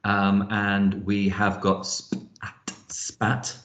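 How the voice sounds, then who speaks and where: A man teaching trainee teachers in an online lecture, thoughtful, sounding out words slowly. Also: fairly low pitch, expressive, echoey room.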